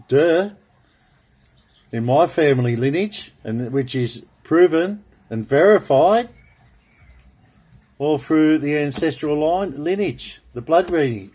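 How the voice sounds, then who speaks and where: Man, slow drawl, grandiose, repetitive rambling monologue. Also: on the high side, lively intonation, darkish tone. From Australia. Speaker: video blogger. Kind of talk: rambling monologue, drawing cards.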